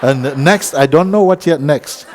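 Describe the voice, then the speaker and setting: A man giving a relaxed spiritual talk at a retreat, gentle and playful, often laughing as he tells a story. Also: fairly high pitch, unhurried, a little hiss or hum. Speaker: spiritual teacher. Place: retreat hall.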